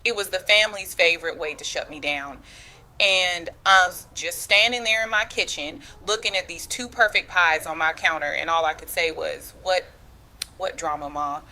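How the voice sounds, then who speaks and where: A woman in her thirties tells her own family drama in the first person, leaning in close to the listener with slangy, confiding asides. Her voice sits on the low side but comes across bright and forceful. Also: normal speed. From United States. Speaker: storyteller.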